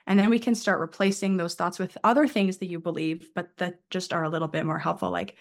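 Woman coach explaining calmly as a guest. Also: lowish voice, a little fast. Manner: explanatory, acts out clients' inner voices. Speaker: life and confidence coach. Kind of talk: interview guest conversation.

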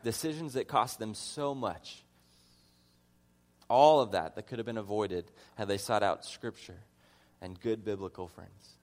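A man preaching a conversational sermon as a pastor, earnest in his teaching and mixing in humorous personal asides. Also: mid-range voice. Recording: long reverb of a large hall.

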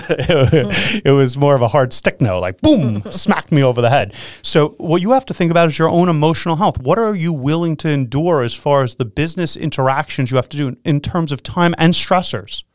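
A man hosting a real estate radio show, talking in an energetic, animated way and laughing easily. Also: a little high, moderate pace, no echo, clean studio sound. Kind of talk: excited casual radio talk.

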